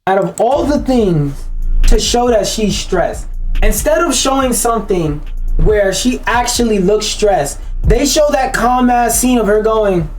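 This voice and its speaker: A woman's voice: mid-range voice, expressive, slow pace, darkish tone. Woman ranting bluntly over faint music. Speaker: show commentator. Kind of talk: profane comedic commentary.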